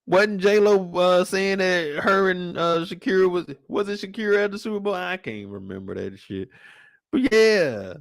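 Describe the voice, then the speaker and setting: A young man hosting a loose live-stream chat, joking in heavy slang and now and then breaking into falsetto singing. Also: lively intonation, normal speed, dry recording, studio quality. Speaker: streamer host.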